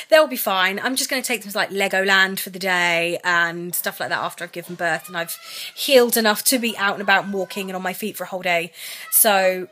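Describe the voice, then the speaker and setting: A woman's voice: mid-range voice, sharp tone. A young British woman chatting casually to camera in a vlog, tired and near tears, candid and self-mocking as she rambles. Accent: British English. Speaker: vlogger.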